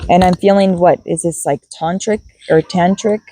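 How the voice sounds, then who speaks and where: A woman's voice: on the low side, steady tone, a little fast, warm tone, a little hiss or hum, poor audio. A woman giving a spiritual card reading to her viewers, musing aloud and repeating key words as she goes. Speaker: tarot and oracle card reader.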